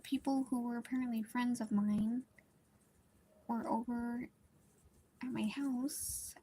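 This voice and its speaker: A woman's voice: fairly high pitch, dark tone, husky. A young woman chatting casually while drawing, telling a rambling story with lots of fillers and some whispered stretches. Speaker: drawing streamer.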